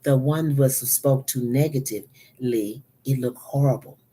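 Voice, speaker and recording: A woman's voice: very deep voice, measured pace, mellow, breathy edge. A woman preaching a sermon, earnest and repeating key phrases for emphasis. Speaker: pastor.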